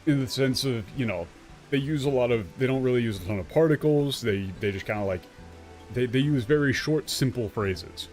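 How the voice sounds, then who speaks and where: A young man casually narrating his playthrough into a desk mic, voice mid-pitched and loose, tripping over his words and swearing. Faint music runs underneath. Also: fairly quick, darkish tone. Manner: rambling, profane, full of fillers and restarts. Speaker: let's play streamer. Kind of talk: casual game commentary and live translation.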